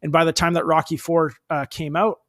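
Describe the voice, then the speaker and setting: A man's voice: fairly high pitch, flat delivery, a little fast, a bit bright, no echo, studio quality. A man, a filmmaker guest, chatting casually and rambling with many fillers. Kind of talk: casual chat.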